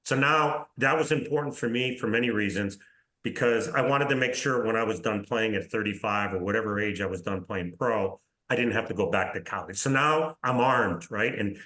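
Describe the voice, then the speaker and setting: Man, 60s, podcast guest, middle pitch, animated storyteller acting out dialogue, echoey room. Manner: animated anecdotes with reported dialogue and tag questions. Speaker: interview guest, soccer league commissioner. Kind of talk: casual storytelling in a podcast interview. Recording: roomy echo.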